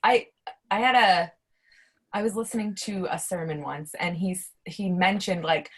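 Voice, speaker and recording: Guest, young woman, husky tone, casual and animated, over a video call. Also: mid-range voice, normal speed. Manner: animated, many fillers and restarts. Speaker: interview guest, academic life coach. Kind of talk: casual conversational interview.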